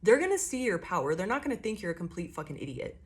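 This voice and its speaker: A young woman with a somewhat low voice gives a tarot reading in an easy, rambling way. She swears freely and slips into quick voiced inner monologues as she talks. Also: very animated, a little mellow. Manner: loose, chatty and profane, acting out inner monologues. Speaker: tarot reader. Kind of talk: casual channeled tarot reading.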